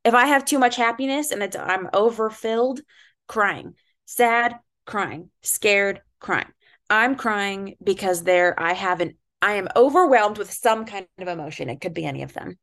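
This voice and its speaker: A young woman co-hosting a podcast, telling a story in casual chat, animated, swearing freely and laughing at herself. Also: mid-range voice, normal speed. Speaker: podcast co-host.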